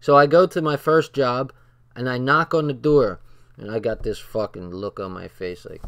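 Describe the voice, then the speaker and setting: A man's voice: medium pitch, animated, normal speed. A man hosting his channel, reading from a text and commenting on it in a blunt, profane, casual way, with stories from his own life. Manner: blunt and profane, talks straight from personal stories.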